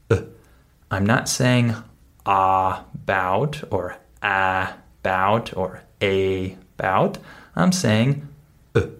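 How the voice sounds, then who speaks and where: A man with a fairly low voice teaches English pronunciation at an unhurried pace. He explains patiently, pausing often and checking in with his listeners as he goes. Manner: deliberate, with frequent "uh" pauses and check-ins like "right?" and "okay?". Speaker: English teacher, podcast host. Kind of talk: slow, explanatory listening lesson.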